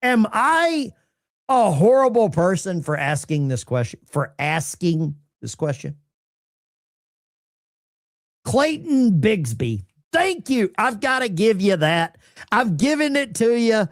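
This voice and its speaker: A man hosts a political commentary stream, talking to his viewers as if they were in the room. His delivery is slow and drawn out. His pitch leaps and drops as he reacts with disbelief. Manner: animated, incredulous, talks to the chat.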